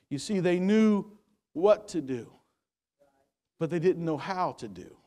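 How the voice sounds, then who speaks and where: A male pastor preaching a sermon, rising to loud emphatic peaks and dropping to quiet low passages, with repeated words as he gathers his thoughts. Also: lively intonation, unhurried, pauses often. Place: church sanctuary.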